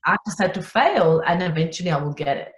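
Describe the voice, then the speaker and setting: Animated Italian woman in a roomy space. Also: fairly low pitch, quick pace. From Italy. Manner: animated storyteller, laughs often. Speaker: guest, business coach. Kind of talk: podcast interview.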